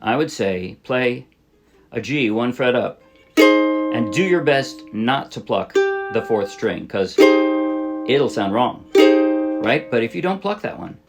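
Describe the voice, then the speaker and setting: A man talks through a ukulele lesson in a casual, unhurried way, often stopping to correct himself. His voice has a gravelly edge at a middle pitch. His own ukulele plays loudly under his words. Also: over loud music. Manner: relaxed, thinking aloud, with self-corrections. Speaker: ukulele teacher. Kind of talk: casual instructional talk. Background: ukulele playing.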